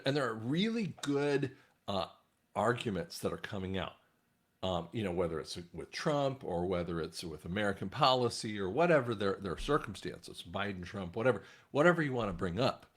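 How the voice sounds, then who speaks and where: A man talking casually to his viewers in a rambling monologue, often restarting his sentences. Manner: rambling, frequent restarts, animated swings in pitch. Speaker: online commentator.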